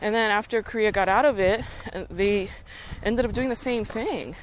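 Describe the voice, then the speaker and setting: A woman in her thirties, a podcast guest, talking in blunt, profane, animated casual chat. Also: mid-range voice, normal speed, slight background noise, rough recording.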